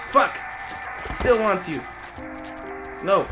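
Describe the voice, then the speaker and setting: A man's voice: high voice, lively intonation, measured pace, long pauses, music in the background. A man giving casual gameplay commentary, playful and taunting, swearing as he speaks in character as a goose. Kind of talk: casual let's play commentary.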